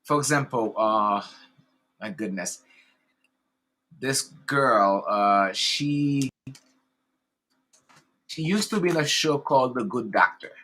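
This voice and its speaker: Man, interview host, effusive and warmly enthusiastic, filler-heavy rambling, tense, bright timbre. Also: mid-range voice, lively intonation, slow pace, long pauses. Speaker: podcast host. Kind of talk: casual interview chat.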